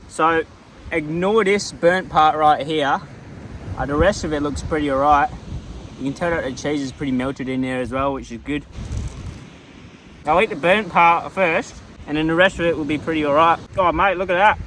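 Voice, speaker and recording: A man's voice: on the high side, a bit bright, slight background noise. A young Australian man vlogging casually outdoors by a campfire, laid-back and slangy. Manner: laid-back, slangy, says "mate" and "bloody" a lot. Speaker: travel vlogger. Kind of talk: casual vlog talk. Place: outdoors by a campfire near the ocean.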